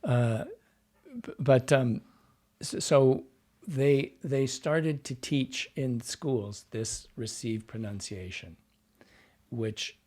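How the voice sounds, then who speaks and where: A man's voice: medium pitch, drawn-out words, warm tone. A man, a dialect coach and actor, explaining at length in a casual podcast interview and drifting off into side topics. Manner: explains at length, wandering and digressive.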